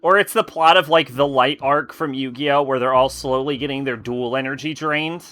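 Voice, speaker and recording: A man's voice: mid-range voice, normal speed, bright, forceful tone. A man streaming a game, commenting casually in a chatty, joking way and swearing now and then.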